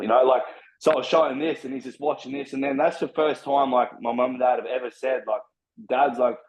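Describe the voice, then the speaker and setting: Fast-talking, blunt Australian man. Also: medium pitch, fairly even intonation, a little mellow. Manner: blunt, heavy swearing, fast and driven. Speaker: personal trainer guest. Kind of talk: casual podcast storytelling. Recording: slightly dull lo-fi sound.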